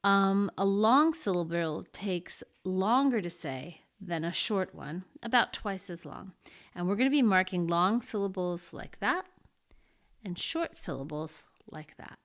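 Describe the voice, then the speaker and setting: A woman teaching an introductory lesson, explaining things slowly and deliberately and pausing as she marks examples. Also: on the low side, expressive. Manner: slow and deliberate, pausing to mark syllables. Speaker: Latin teacher. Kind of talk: slow, careful lesson explanation.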